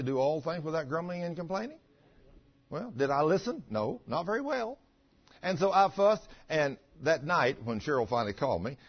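An older man preaching a sermon in a folksy, animated way, telling a personal story and laughing along the way. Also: fairly high pitch, breathy edge. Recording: dull lo-fi sound.

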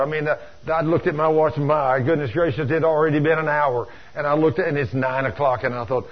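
A man's voice: fairly high pitch, fairly even intonation, fast talker. A man preaching a folksy story sermon, acting out dialogue, over a dull lo-fi radio broadcast. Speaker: preacher, church deacon.

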